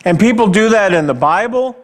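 A male pastor preaching a sermon slowly and emphatically, with dramatic pauses, and asking the congregation direct questions. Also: sits high, expressive. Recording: long hall reverb.

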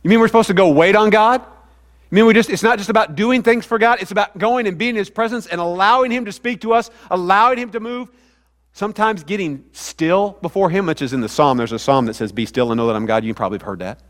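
A man's voice: high voice, fast talker. A man preaching a sermon to his congregation in a conversational way, often asking the room questions. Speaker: pastor. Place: church sanctuary. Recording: hall reverb.

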